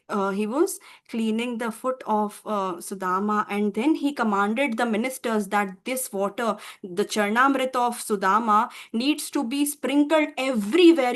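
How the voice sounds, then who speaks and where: High-voiced storyteller. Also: female voice. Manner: animated, many fillers and restarts. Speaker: children's teacher. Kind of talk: devotional storytelling lesson.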